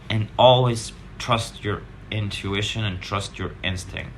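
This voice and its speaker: Lowish voiced guy, swears a lot, rambly storytelling, faint hiss in the background. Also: fairly even intonation, moderate pace, hardly any pauses, pushed and bright. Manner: blunt and profane, rambling with asides. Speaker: vlogger sharing recovery stories. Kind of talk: casual storytelling monologue.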